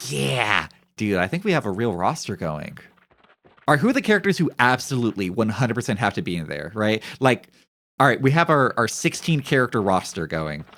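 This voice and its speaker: Male streamer, young adult, low voice, lively intonation, crude joking banter. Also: a little fast. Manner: joking, rambling, profane banter. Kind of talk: casual chat on a live stream.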